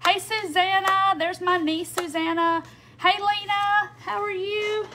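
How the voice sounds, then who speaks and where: A woman's voice: extremely high pitch, steady tone, unhurried, sharp tone. A middle-aged woman hosting a casual craft live stream, chatting and greeting viewers by name while she works.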